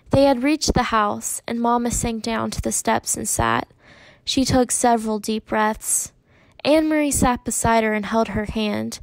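A woman reading a children's novel aloud as narrator, in a measured, even storytelling manner. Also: fairly high pitch, gravelly, no room sound. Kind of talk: audiobook narration.

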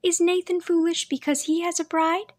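A woman doing a soft, wondering young girl. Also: very high-pitched, level tone, moderate pace, no echo, voice pushed up. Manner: soft, questioning, childlike. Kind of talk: audiobook character voice.

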